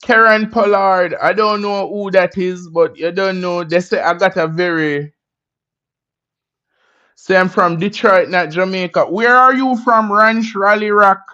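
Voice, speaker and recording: A man's voice: high voice, measured pace, pushed and bright. A man hosting a casual livestream, greeting viewers in a laid-back way with Jamaican slang. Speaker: livestream host. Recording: dull lo-fi stream audio.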